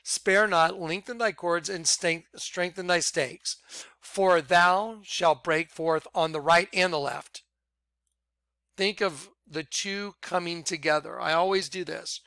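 Man, informal scripture preacher, emphatic and insistent, bright clear voice, dry sound. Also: a little high, dry recording. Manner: emphatic, repeats "watch", drawn-out words for emphasis. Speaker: self-styled preacher. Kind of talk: reading scripture aloud with commentary.

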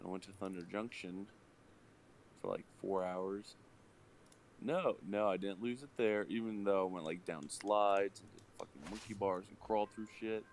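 A man's voice: fairly low pitch, a little hiss or hum. A man streaming live, telling a heated, profanity-filled story in casual chat at his desk microphone. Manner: profane, heated ranting anecdote.

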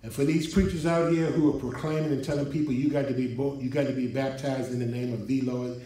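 A male pastor preaching an emphatic sermon, his voice rising in pitch as he drives points home to a responding congregation. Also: steady tone, fast talker, warm tone. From United States. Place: church hall. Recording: echoey hall from far off.

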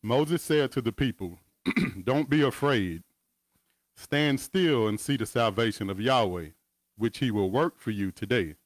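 A man's voice: mid-range voice, lively intonation, a little slow, dry recording. Man teaching scripture, dry close sound. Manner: casual, asides and chuckles between scripture readings. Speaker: Bible teacher. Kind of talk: conversational Bible teaching. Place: home, over a video call. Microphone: video call.

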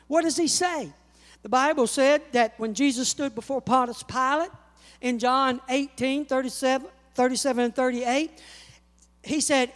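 A man preaching a sermon as pastor, in a preacherly style that swells to shouting when he quotes scripture. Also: very high voice, in a large hall. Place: church sanctuary.

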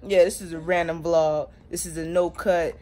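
Speaking at a moderate pace in a slightly high voice, a dad chats casually for a home family vlog. He's relaxed and loose with his baby, addressing the little one gently and filling his speech with lots of filler words.

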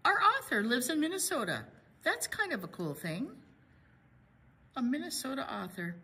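A woman's voice: high-pitched, wildly swooping pitch, moderate pace, bright, forceful tone, slightly rough. A woman hosting a library storytime, reading a picture book aloud to children with playful sound effects.

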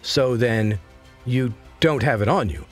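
A man voicing a polite but shrewd young male warrior who speaks in a measured way. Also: mid-range voice, husky, faint music behind. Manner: polite, turning cold and guarded.

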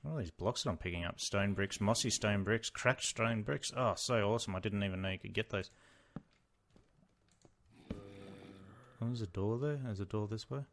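Excitable young man narrating his gameplay. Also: on the low side, moderate pace, long pauses, a little hiss or hum. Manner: excitable, exclaims and mutters to himself while playing. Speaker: Let's Play host. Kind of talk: casual gameplay commentary.

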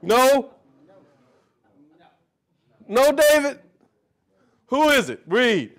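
Speaking extremely slowly in an extremely high, slightly bright voice with big pitch swings, a man preaches live to a small group. He teaches scripture folksily, leading a reader through verses and echoing each phrase, checking in with "see?" and "right?" and repeating key words in rhythmic runs.

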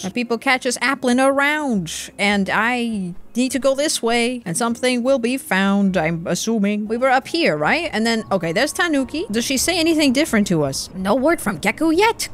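A woman's voice: fairly high pitch, very animated, moderate pace, few pauses, slight background noise. A young woman playing a video game and commenting casually, chatty and playful, often talking to the character on screen. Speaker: gaming let's-play host.

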